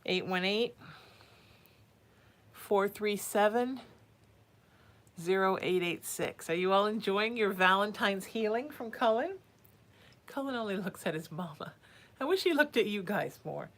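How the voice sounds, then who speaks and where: A woman's voice: medium pitch, lively intonation, unhurried, pauses often, fairly bright tone. A woman psychic hosting a casual livestream from home. She chats with viewers and coos sing-song baby talk to her cat.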